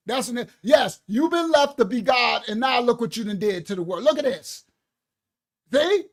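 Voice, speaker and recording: A man preaching a fiery sermon, loud and shouting. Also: very high-pitched, animated, moderate pace, gravelly.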